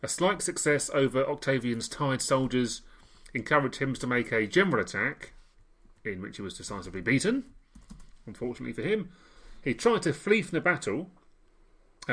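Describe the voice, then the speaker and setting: A man's voice: mid-range voice, sing-song, brisk, a bit bright. A man co-hosting a casual history chat, narrating events with dry, wry quips. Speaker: podcast co-host.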